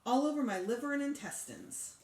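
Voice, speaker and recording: A woman's voice: big pitch swings, brisk, darkish tone. A woman voicing a fussy, boastful young girl who complains and exaggerates, read aloud from a storybook. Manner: complaining, exaggerating, high-strung. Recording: echoey room.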